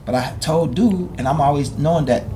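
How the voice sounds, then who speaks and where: A man's voice: on the high side, a little fast. Man telling stories over background noise. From Chicago, USA. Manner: animated, slangy, profane storyteller. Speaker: guest. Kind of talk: casual storytelling in conversation. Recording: noisy background hiss.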